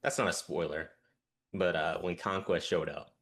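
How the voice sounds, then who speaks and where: A man's voice: low voice, steady tone, normal speed, a crowd in the background. A man co-hosting a podcast in a laid-back, joking way, using slang. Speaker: podcast co-host. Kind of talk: casual podcast chat.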